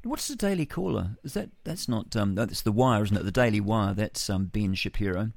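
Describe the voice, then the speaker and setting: A man's voice: fairly low pitch, expressive, normal speed, gravelly, no room sound. A man hosting solo breakfast radio, musing aloud and reading news with chuckling rhetorical asides. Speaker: radio host. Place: home studio with a window.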